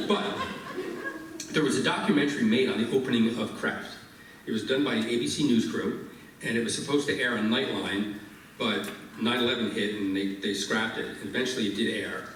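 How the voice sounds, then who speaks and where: A man, a chef, telling a lively anecdote on stage at a live interview, with laughs and restarts. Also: fairly low pitch, moderate pace, slight background noise. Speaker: chef and guest. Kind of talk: storytelling on stage. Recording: very echoey hall, from far off.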